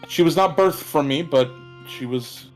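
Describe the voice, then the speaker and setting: A man voicing a gentle, doting woman who hosts guests at her table, hesitant and full of restarts. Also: a little high, faint music behind, lightly acted. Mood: welcoming. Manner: hesitant, restarts often, drawn-out words. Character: gentle motherly woman host, doting creator.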